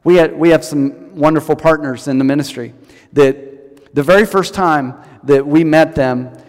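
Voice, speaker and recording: A pastor delivers a sermon at a church service at a moderate pace, his slightly high voice darkish in tone, weaving in stories and repeating key lines for emphasis. The recording has a big-room sound.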